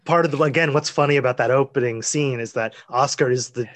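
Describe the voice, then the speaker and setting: A man's voice: mid-range voice, quick pace, a bit bright. A man co-hosting a podcast, chatting casually, agreeing and adding context or corrections. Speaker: podcast co-host. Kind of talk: casual chat about a TV show.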